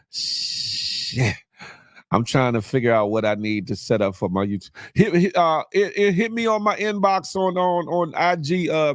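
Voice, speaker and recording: A man from Washington, D.C. hosting a casual morning livestream, animated and chuckling as he greets viewers by name. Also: a little high, no echo, clean studio sound. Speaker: host of a morning live show.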